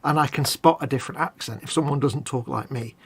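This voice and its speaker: A man's voice: mid-range voice, quick pace, gravelly, breathy edge. A man, co-hosting a live stream, chatting casually and rambling as he reads out viewer comments. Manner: rambling, chatty, self-correcting.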